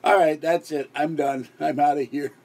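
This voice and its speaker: A man's voice: fairly high pitch, fairly even intonation, moderate pace, a little mellow. An exhausted older man who hosts a live stream, rambling and giggling with many restarts late at night. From Pittsburgh area. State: exhausted, sleep-deprived.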